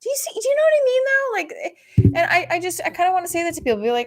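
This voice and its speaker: A woman in her forties doing casual stand-up as a comic, rambling and cutting herself off, with loud bursts when she acts out her family. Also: very high voice, big pitch swings, very fast. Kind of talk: casual stand-up trying new material.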